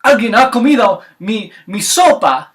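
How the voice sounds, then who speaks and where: A man voicing a big, blustering father bear in a loud, declaiming voice. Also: sits high, big pitch swings, moderate pace, pitched above the performer's own voice. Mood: indignant.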